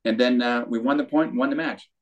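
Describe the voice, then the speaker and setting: Older male guest, lively storyteller who acts out quotes, average pitch. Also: fast, highs cut off, over a noisy crowd. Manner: animated storyteller with acted quotes. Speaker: guest, former tennis pro. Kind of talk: storytelling interview.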